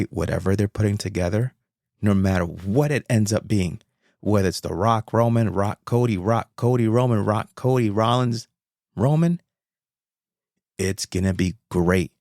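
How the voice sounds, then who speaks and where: Excitable rambling man, low voice. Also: creaky, no echo, clean studio sound. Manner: excitable and rambling, swears freely. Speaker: podcast host. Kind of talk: casual solo commentary.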